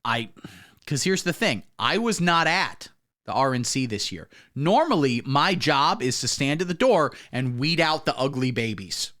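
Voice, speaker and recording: Animated, profane male comedy streamer. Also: medium pitch, a little slow. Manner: profane, rambling, mocking riffs. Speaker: comedy livestream host. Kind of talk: crude comedic reaction commentary.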